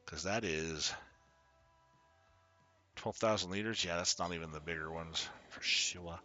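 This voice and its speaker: A man giving casual commentary while streaming a farming game, chatty and quick to laugh as he greets his viewers. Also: sits low, pushed and bright, dull audio, faint music behind. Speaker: gaming streamer.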